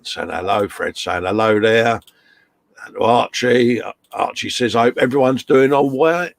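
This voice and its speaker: A man's voice: on the low side, measured pace, creaky, no echo. A man co-hosting a casual live stream, chummy and joking as he reads out chat comments. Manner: chummy banter, reads chat messages aloud.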